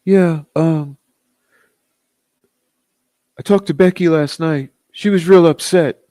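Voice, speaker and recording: Man imitating a stoned rambler, higher pitched, louder, whiny, gossipy, drawn-out. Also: dry recording.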